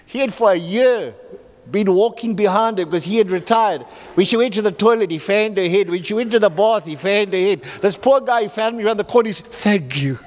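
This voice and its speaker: High-voiced pastor preaching. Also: male voice. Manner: storytelling, halting restarts, acts out the people in his stories. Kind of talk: sermon. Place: church hall. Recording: long reverb in a church hall.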